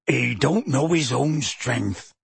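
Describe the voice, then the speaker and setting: Gentle giant, deep and rough, slow and pleading, a man putting him on, audiobook, dry sound. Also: animated, no room sound, exaggerated voice. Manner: hushed, slow, earnest pleading. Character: huge gentle half-giant man, tearful and anxious. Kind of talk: audiobook character voice.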